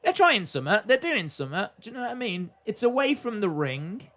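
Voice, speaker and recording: A man's voice: sits high, big pitch swings, a little fast, a bit bright. Chatty man reacting live. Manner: chatty, reads viewer comments aloud, repeats himself. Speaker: live stream host reacting to wrestling. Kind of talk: casual live reaction commentary.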